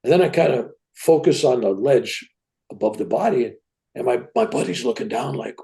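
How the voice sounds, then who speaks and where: A man in his seventies, a guest telling a personal story in an animated way, often tagging his sentences with "right?". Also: mid-range voice, a little fast, creaky. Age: 70s. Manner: animated, tag questions like "right?".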